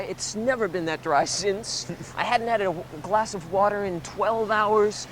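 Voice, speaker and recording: A young man telling a story in a casual interview, lively and acting out the voices he quotes. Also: high voice, normal speed, hardly any pauses. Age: 20s. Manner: animated, laughs often, acts out quoted voices. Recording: 1970s tape with background noise.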